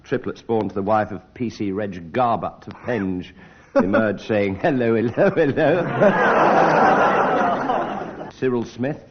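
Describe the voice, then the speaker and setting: Slow wry guy doing one liners, loud audience laughing, hissy old radio. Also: lowish voice, muffled recording, a crowd in the background. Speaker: comedy panelist. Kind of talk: improvised radio panel comedy.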